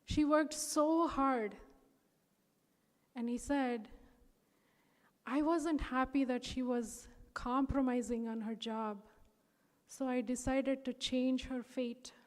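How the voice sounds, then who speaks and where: A woman's voice: high-pitched, steady tone, slow pace, darkish tone. A young woman telling a personal testimony at a devotional gathering, earnest and emotional, with many fillers. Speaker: speaker sharing a personal testimony. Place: large hall. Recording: hall reverb.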